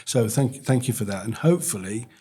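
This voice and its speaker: A man's voice: medium pitch, animated, brisk, dark tone, slightly rough. A man hosting a podcast interview who often stumbles and repeats words. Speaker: podcast host.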